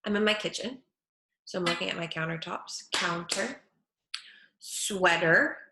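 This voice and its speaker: A woman speech therapist teaching children at home, saying each word slowly and clearly. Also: on the low side, background noise. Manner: slow, clear over-articulation of words. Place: her home kitchen. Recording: echoey room.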